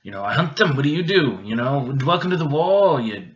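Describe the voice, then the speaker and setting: A man's voice: on the high side, big pitch swings, a little fast, lo-fi sound. A man voicing a brash adult male hunter who talks in insulting British slang, in a drunken movie retelling. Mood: scornful. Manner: insulting, blunt.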